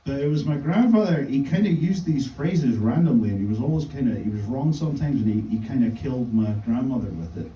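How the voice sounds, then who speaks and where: A man doing a stand-up set in a deadpan, halting way, full of fillers. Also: mid-range voice, a little hiss or hum. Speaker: stand-up comedian. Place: comedy club stage. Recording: echoey room mic, from a distance.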